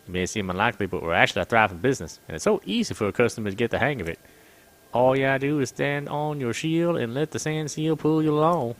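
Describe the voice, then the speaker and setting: A man's voice: medium pitch, lively intonation, fast, close to an everyday voice. Man doing a friendly shop-owner mom, chatty, salesy, game dialogue. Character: friendly middle-aged female shopkeeper, chatty.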